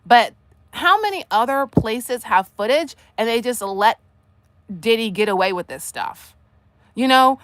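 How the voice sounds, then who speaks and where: A woman hosting a casual commentary livestream, animated and sassy, tossing asides straight at the people she discusses. Her voice sits fairly high. The sound is dry and close, with no room around it. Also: unhurried, dry recording. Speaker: livestream host.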